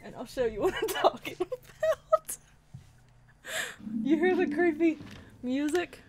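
High, nervous young woman gamer. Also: very animated, unhurried, noisy background. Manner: jittery, laughing nervously, frightened. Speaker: let's play gamer. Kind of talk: casual horror game commentary.

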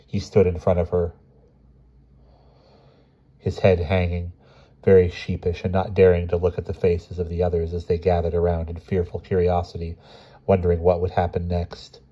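A man reading a children's novel aloud in a calm, steady narration with small slips. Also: deep voice, normal speed, slightly rough, highs cut off. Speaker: audiobook reader.

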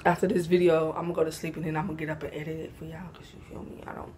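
Young woman vlogger, sleepy and laid-back, lowish voice, slangy casual Q&A with a faint hiss behind. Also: flat delivery, racing, mellow. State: sleepy, yawning. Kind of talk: casual Q&A chat to camera.

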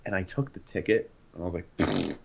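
Lively-voiced man telling wild stories. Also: low-pitched, fast talker. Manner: animated, acts out voices in anecdotes. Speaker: podcast co-host. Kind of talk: casual storytelling chat. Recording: dull lo-fi sound.

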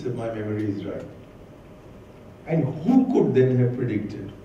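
A man's voice: mid-range voice, dark tone, slight background noise. An older man giving a witty, combative public lecture at a university, with sardonic jokes. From born in Pakistan, raised in India. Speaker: guest speaker. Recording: roomy hall from far off, dull.

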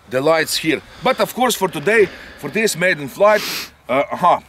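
A man with a high voice and a delivery walks through his remote-control plane's settings outdoors. He ends many of his sentences with a questioning "eh?". Faint outdoor ambience sits behind him. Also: animated, moderate pace, a bit bright, a little hiss or hum. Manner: explains step by step, tags sentences with "eh?". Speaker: RC pilot and channel host. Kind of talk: casual outdoor demonstration. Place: outdoors in a grassy field.

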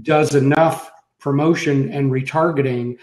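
A man's voice: mid-range voice, steady tone, measured pace, darkish tone. Easygoing man in an echoey room. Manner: easygoing, reflective, many restarts. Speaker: co-host, sidekick to the main host. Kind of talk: casual live web chat.

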